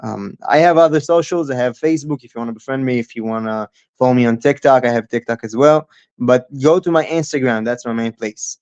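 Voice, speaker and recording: A man's voice: medium pitch, fairly quick, a little mellow. Eager young man on dull lo-fi audio. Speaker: guest wrestler. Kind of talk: casual interview answers.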